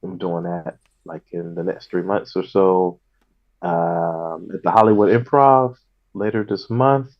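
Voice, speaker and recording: A male comedian guest chatting casually on a podcast, laughing often and trailing off in a relaxed way. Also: low-pitched, unhurried. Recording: dull lo-fi sound.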